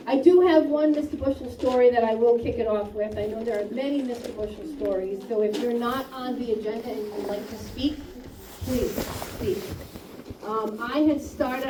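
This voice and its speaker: High-voiced woman telling stories at a ceremony. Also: moderate pace. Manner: storytelling, acts out quoted dialogue. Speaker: school staff hosting a ceremony. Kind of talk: ceremony speech with anecdotes. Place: school library. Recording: echoey room from far off, faint noise.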